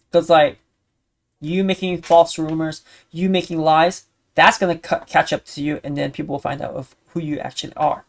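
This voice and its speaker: A man's voice, raspy and hoarse from talking too long, delivers a casual, rambling vlog update. He vents his frustration, circling back over the same phrases. Underneath it all he sounds tired and ready to sleep. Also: on the high side, steady tone, fairly quick. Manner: frustrated venting with repeated phrases. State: hoarse, voice worn out. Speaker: streamer.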